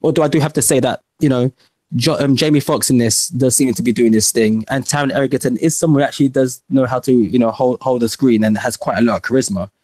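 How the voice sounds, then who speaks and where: A man's voice: medium pitch, steady tone, fast talker, darkish tone, no room sound. A man co-hosting a podcast, rambling through film opinions with many restarts and some swearing. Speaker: podcast co-host. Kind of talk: casual film chat.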